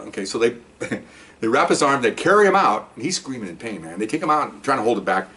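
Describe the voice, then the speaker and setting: An older man, a retired police officer, telling a story in a casual, animated way and acting out the people he quotes. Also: mid-range voice, fast talker. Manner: animated, acts out quoted voices.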